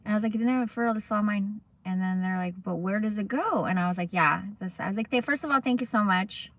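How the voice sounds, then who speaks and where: A woman's voice: medium pitch, fast. A young woman casually chatting on a livestream, telling rambling stories full of swearing and asides. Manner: rambling, profane, chatty storytelling. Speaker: livestream host.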